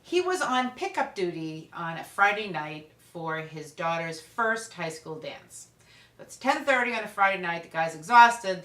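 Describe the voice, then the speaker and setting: A woman parenting expert tells lively anecdotes in a storytelling talk. Her voice sits fairly low but sounds bright and forceful. The room around her is echoey.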